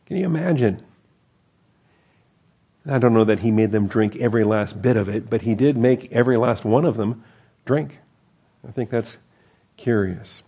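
A man reads scripture aloud and then discusses it in a loose, conversational manner, his mellow, relaxed voice in the mid-range. He slips wry asides and self-corrections in between the verses.

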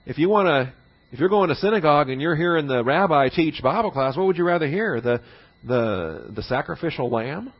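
A man's voice: on the high side, lively intonation, brisk. A man teaching a Bible class in a conversational lecture, often checking in with his listeners. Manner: conversational, checks in often with "all right?" and "see?". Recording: dull lo-fi recording.

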